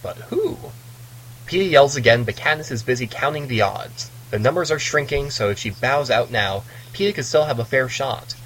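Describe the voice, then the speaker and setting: A man's voice: medium pitch, brisk, hardly any pauses, a bit bright, a little hiss or hum, low-quality recording. A man co-hosting a casual book discussion, recapping the plot with playful asides. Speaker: podcast co-host recapping a novel.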